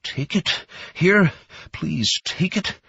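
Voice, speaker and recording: A man's voice: on the high side, lively intonation, drawn-out words, vocal fry, fairly bright tone, breathy edge, dry recording, muffled recording, pitched above the performer's own voice, full character voice. Man doing a panicked, pleading young man. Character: frightened young man being beaten.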